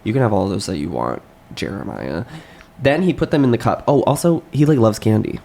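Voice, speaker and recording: A young man reading a novel aloud with a very lively, swooping delivery. He keeps cutting in with sarcastic, profane jokes, in a casual comedic tone. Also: a little fast, gravelly, slight background noise. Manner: profane, sarcastic commentary with lively swings of pitch. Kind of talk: casual comedic read-along.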